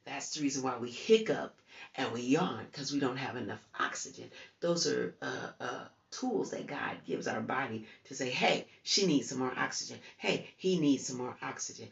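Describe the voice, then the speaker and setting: A woman's voice: low voice, creaky. A woman from the United States preaching informally in a conversational, urging way while she has the hiccups and keeps yawning. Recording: roomy, distant, dull sound.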